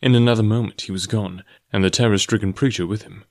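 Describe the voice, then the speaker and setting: A man narrates a novel in a steady, even reading voice. His pitch sits on the low side. The recording is close and dry. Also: quick pace, no room sound. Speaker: audiobook narrator. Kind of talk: scripted narration.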